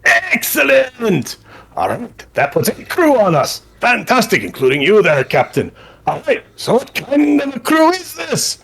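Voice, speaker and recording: Man doing a talking magic ship, cheerful, exclamatory, high voice, swooping pitch, husky. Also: huge pitch swings, unhurried, a bit bright, exaggerated voice. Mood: excited. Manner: bubbly, exclamatory, rambling.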